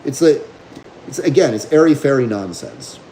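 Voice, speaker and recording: A man's voice: medium pitch, sing-song, normal speed, dark tone, slight background noise, low-quality recording. A man hosting a livestream as a dog trainer, talking bluntly and combatively while reading viewer comments.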